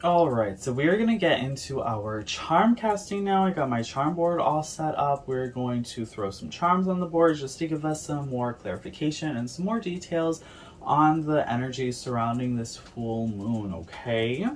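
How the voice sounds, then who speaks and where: A man's voice: medium pitch, expressive, moderate pace, a little hiss or hum. A man giving an earnest spiritual tarot reading to camera, often checking in with "okay?" and "right?". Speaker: tarot reader.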